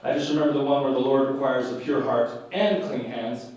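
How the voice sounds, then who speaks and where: A man performing live stand-up comedy, animated and slipping into mock voices for his characters. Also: medium pitch, brisk, slight background noise. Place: live venue with audience. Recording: echoey room, picked up from a distance.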